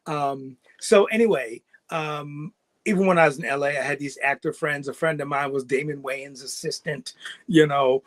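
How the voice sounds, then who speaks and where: A middle-aged man from New York, a guest actor telling his story in a relaxed, rambling way and laughing often. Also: mid-range voice, no room sound. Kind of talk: casual interview storytelling.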